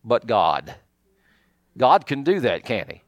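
A man preaching a sermon as pastor, in a folksy, animated way with many fillers and restarts. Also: medium pitch, takes it slowly, no echo, lo-fi sound.

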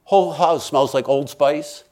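A man who is a minister, telling an emotional personal testimony, repeating phrases for emphasis and swinging from loud pleading to hushed tones. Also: fairly high pitch, a little slow.

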